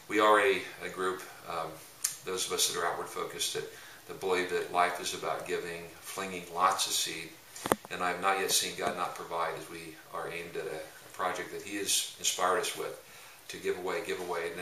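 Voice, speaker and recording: Low bright-sounding guy rambling thru a church-y teaching talk, lots of uhs, mic far off in a roomy space. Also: little pitch movement, moderate pace. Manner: rambling, heavy with filler sounds. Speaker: evangelism ministry leader. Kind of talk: casual teaching talk with anecdotes. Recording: roomy echo, mic at a distance, faint noise.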